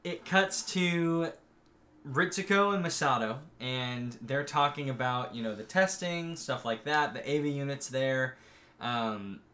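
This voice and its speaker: A man co-hosting a podcast in casual chat, recapping episodes and acting out the characters' lines in quick put-on voices. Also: medium pitch, pushed and bright. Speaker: podcast co-host.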